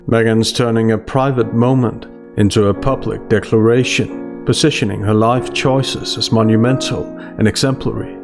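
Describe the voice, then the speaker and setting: A man's voice: medium pitch, creaky. A man giving a scripted analytical voice-over in a dry, sarcastic manner. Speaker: commentary channel host.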